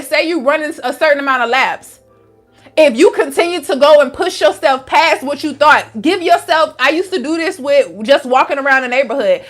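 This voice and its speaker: Young adult woman, high-pitched, casual live-stream talk, frank, slangy, wellness coach. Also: fairly bright tone. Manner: frank and chatty, with frequent "like" and slang.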